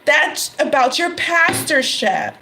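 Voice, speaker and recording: A woman's voice: high voice, animated, slow, pushed and bright, a little hiss or hum, poor audio. A middle-aged woman giving a tarot reading to camera, emphatic and given to repeating her phrases and exclaiming. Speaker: tarot reader.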